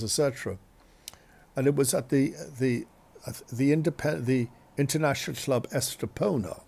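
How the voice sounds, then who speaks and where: A man's voice: medium pitch, vocal fry, darkish tone. A male radio host telling embarrassing stories in a chatty, self-deprecating, rambling way. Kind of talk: anecdotal storytelling.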